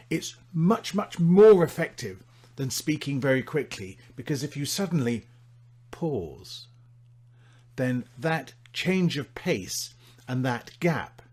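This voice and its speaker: A husky man teaches public speaking in a clear instructional way. He acts out his own advice, swinging between loud and very quiet and holding dramatic pauses. His pitch sits in an ordinary middle range. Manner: demonstrates his points with big swings in volume and dramatic pauses. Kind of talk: instructional presentation.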